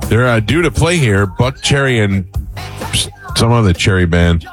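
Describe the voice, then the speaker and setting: A male radio host with a fairly low voice, chatting loosely and teasing his co-hosts on air. Soft music plays quietly underneath. He drifts into "uh"s and repeats himself playfully. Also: expressive. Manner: loose, teasing, drawn-out fillers. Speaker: radio morning show host. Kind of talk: casual on-air banter.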